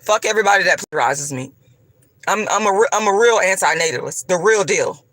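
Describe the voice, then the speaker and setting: Combative, profane woman with a bright, forceful voice. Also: medium pitch, lively intonation, a little fast, no room sound. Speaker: vlogger. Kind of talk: ranting monologue to camera.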